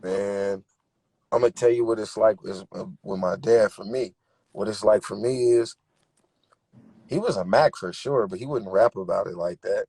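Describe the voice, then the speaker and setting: Husky-voiced rapper, emphatic and candid. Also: male voice, fairly low pitch, normal speed, warm tone, dry recording. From Bay Area, California. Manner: emphatic, streetwise, heartfelt storytelling. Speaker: rapper and interview guest. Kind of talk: candid interview talk.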